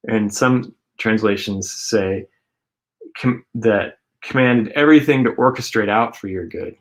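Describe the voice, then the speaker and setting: Male co-host, lowish voice, earnest and rambling faith talk. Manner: earnest, rambling, filler-heavy.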